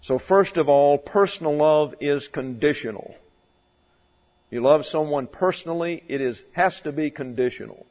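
A man preaching a sermon, teaching slowly and deliberately, with measured emphasis on key words. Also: on the high side. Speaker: pastor. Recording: dull lo-fi sound in a long-reverb hall.

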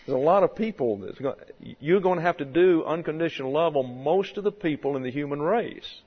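Deliberate male preacher in a reverberant hall. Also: a little high, lively intonation, slightly rough. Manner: slow, deliberate teaching with measured emphasis. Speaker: pastor. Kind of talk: sermon. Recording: dull lo-fi sound in a long-reverb hall.

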